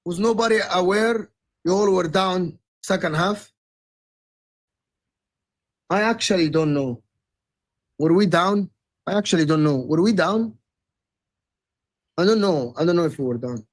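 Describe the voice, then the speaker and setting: A man's voice: sits high, unhurried, pauses often. A man in a casual football chat rants in circles, repeating himself and swearing freely. His tone stays blunt and disbelieving. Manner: ranting, repetitive, sweary. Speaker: football show co-host. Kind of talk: casual ranting banter.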